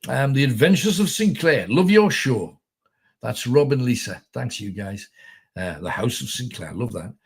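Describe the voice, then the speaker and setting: A middle-aged man hosts a casual livestream, rambling through viewer comments and jokes in a self-deprecating way. His voice sits at an ordinary middle pitch for a man. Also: animated, moderate pace, gravelly, breathy edge. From North East England. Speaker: host.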